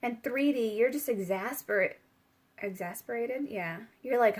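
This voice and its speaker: A woman's voice: fairly high pitch, measured pace, darkish tone. Giggly woman reading tarot cards. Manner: chatty and giggly, with many fillers. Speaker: tarot reader. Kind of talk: casual spiritual tarot reading.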